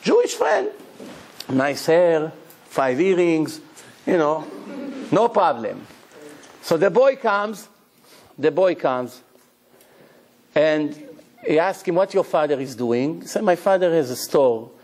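A rabbi giving a Torah lecture, animated and acting out little dialogues as he preaches. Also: slow, pauses often. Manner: animated, acts out dialogue with big pitch swings.

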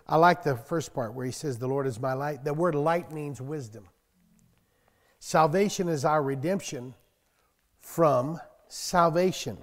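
Older male pastor, slightly high voice, folksy and conversational, loud scripture bursts, long hall reverb. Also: a little slow. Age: 60s. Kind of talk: conversational sermon.

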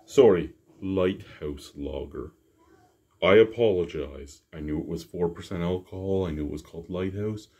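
A man's voice: sits low, brisk, hardly any pauses, dull audio. A man casually reviewing a beer to camera at home, joking and rambling in a self-deprecating way. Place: home basement.

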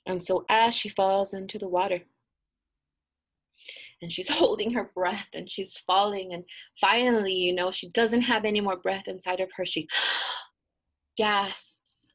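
A middle-aged woman and midwife telling a folk tale aloud, in a hushed, drawn-out way with dramatic pauses. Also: medium pitch, steady tone, poor audio. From US-Mexico border region. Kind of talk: oral storytelling.

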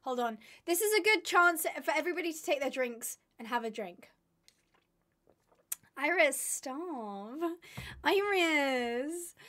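High-voiced girl streaming, tired and losing her voice, rambles and laughs a lot. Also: animated, brisk, few pauses, pushed and bright. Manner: chatty, rambling, laughs often. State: tired, voice going. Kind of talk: casual live-stream chat.

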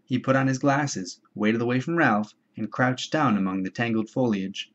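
A man reading a novel aloud in a measured, steady storytelling voice. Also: mid-range voice. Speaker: audiobook reader. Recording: dull lo-fi home recording.

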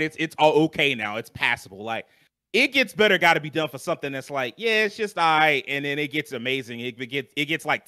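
A young adult man co-hosting a podcast in casual chat, animated and swearing freely with lots of fillers. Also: mid-range voice, no room sound. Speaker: podcast co-host.

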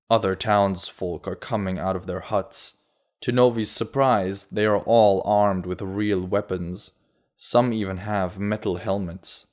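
A man narrating a fantasy audiobook in a steady, measured way. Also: sits low.

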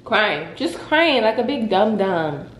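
A young woman casually telling a dramatic story on her vlog, in a lively, expressive way. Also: mid-range voice, takes it slowly, a little hiss or hum. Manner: dramatic, animated retelling. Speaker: vlogger. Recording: echoey room.

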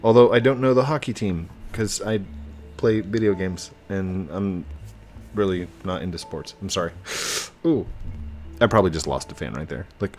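A man in his thirties giving casual, chatty commentary while gaming, excitable and breaking into high squeals. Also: moderate pace, soft background music. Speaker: YouTuber.

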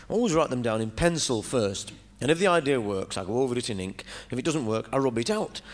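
Chatty Lancashire comedian, lively pitch. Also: male voice. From Lancashire, England. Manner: chatty, rambling, lots of "you know". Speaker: stand-up comedian. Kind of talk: stand-up comedy storytelling. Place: stage in front of a live audience. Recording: live stage recording with noise.

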